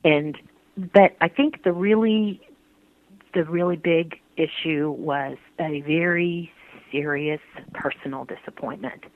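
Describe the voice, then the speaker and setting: A woman recalls a painful time in her faith life, earnest and halting. She restarts her sentences often, and her voice comes through a tinny, dry phone line. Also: low-pitched, dry recording. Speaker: interviewee. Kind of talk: personal faith interview.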